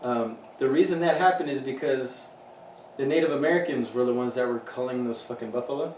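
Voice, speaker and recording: A man's voice: mid-range voice, brisk, darkish tone. Profane man on a podcast. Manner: loose, profane storytelling. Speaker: podcast co-host. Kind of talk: casual chat. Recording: roomy room, distant mic, faint hum.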